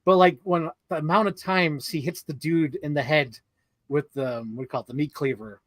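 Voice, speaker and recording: A man co-hosting a casual film chat, excitable and chatty, leaning on "like" a lot. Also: a little high, normal speed, no room sound. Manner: chatty, leans heavily on 'like', excitable. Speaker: co-host. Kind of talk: casual chat about films.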